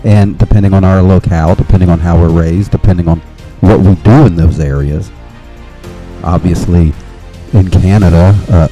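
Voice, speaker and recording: Deep, dark-voiced man hosting a podcast. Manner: rambling, with restarts and nervous laughs. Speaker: podcast host. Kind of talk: casual monologue.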